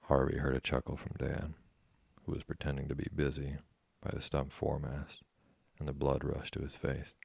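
A man calmly narrating a classic sea novel as a bedtime story. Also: a bass voice, moderate pace, creaky, breathy edge, no echo.

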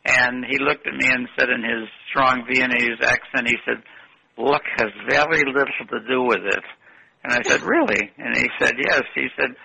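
A man's voice: mid-range voice, creaky, pushed and bright, breathy edge, poor audio. An older man telling long, rambling stories in an interview and correcting himself as he goes. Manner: rambling, anecdotal, self-correcting. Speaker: guest. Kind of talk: interview storytelling.

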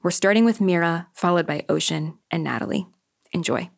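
A woman hosting a podcast, reading a reflective, measured introduction. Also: lowish voice, expressive, vocal fry, no room sound, studio quality. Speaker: podcast host. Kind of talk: scripted narration.

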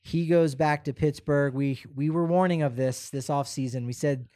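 A man's voice: a little high, normal speed, no room sound, clean studio sound. A man co-hosting a podcast, chatting casually and rambling with fillers. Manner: relaxed, rambling, many fillers. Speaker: podcast co-host. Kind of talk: casual sports chat.

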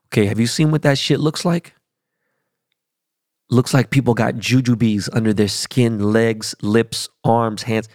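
A man hosting his podcast in a casual monologue, profane and emphatic, his voice rising high when he gets worked up. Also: darkish tone, no echo, clean studio sound. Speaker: podcast host. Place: Los Angeles studio.

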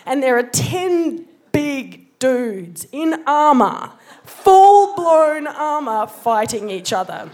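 A woman in her thirties telling a true story on stage, animated and laughing as she acts out the people in it. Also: on the high side. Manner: animated, laughing, acting out quotes.

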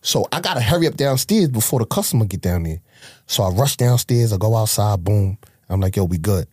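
A man's voice: husky, no echo, clean studio sound. A middle-aged man from Harlem, casually telling his life story in an interview, acting out the voices he quotes. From Harlem, New York. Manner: animated street storyteller, acts out quotes with big pitch jumps.

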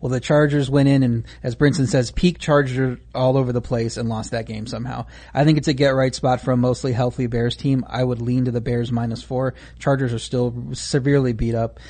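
A man rattles through football stats at a quick clip, his voice dark and mellow. He sounds measured and fact-driven, listing rankings and numbers in steady order. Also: mid-range voice. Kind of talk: stat-heavy betting analysis.

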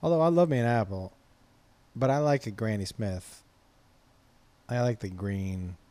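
A man's voice: lowish voice, measured pace, dark tone. A man hosting a casual family podcast chat, chatty and teasing, often restarting his sentences. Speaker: podcast host.

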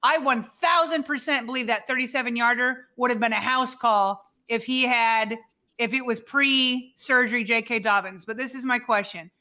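Female co-host, casual sports talk. Bright, a little high, leads with long questions. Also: moderate pace. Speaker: podcast co-host. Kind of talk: casual podcast chat.

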